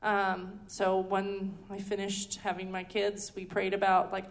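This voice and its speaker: A woman's voice: mid-range voice, completely flat delivery, unhurried. Lady teaching a ministry school class, casual chatty delivery, lots of ums. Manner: chatty, frequent ums and restarts. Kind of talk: conversational teaching talk. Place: indoor teaching hall.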